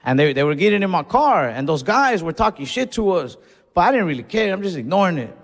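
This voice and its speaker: A young man doing stand-up, telling a story with animated, profane, self-mocking energy on a comedy club stage. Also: high-pitched, quick pace. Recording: live club with reverb and faint noise.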